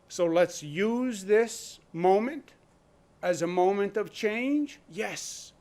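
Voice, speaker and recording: A man speaks at a press conference in a fairly high voice. He argues emphatically and keeps asking rhetorical questions, like a governor addressing the public. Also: expressive, slow pace, a little mellow. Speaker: state governor. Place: press room.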